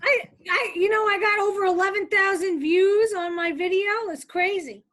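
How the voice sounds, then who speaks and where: New york lady cohost, super high pitched, brash and dramatic. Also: steady tone, normal speed, a bit bright. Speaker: podcast co-host. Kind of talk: casual chat.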